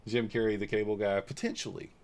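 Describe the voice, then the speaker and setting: A man's voice: on the low side, little pitch movement, fast. A man in his forties from Northeast Georgia, talking loosely and bluntly on a livestream while answering viewers' comments aloud. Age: 40s. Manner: blunt and loose, with mild swearing. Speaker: trading livestreamer. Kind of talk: casual livestream chat.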